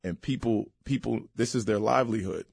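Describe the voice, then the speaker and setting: A comedian talking in a casual interview, loose and slangy with lively restarts, recorded on a studio mic. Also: male voice, on the low side, brisk, gravelly, husky, dry recording. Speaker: comedian guest.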